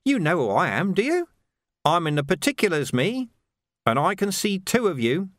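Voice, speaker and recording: A man voicing a cruel, sly sergeant who speaks with mocking, slow menace. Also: sits high, sing-song, fairly bright tone, no room sound, studio quality, voice pushed up. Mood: menacing.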